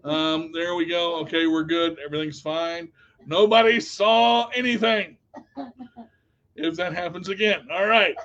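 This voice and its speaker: A man telling a story casually to camera as a vlogger, animated and jumping to loud outbursts when retelling panic. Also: on the high side, measured pace, muffled recording.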